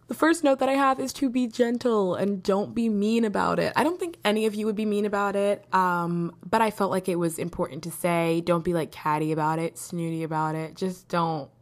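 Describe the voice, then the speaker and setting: A young woman in her late teens hosts a chatty, rambling podcast. Her voice sits a bit low for a woman, and she keeps breaking into laughter and playful mock drama. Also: normal speed. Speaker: podcast host. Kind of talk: casual chat.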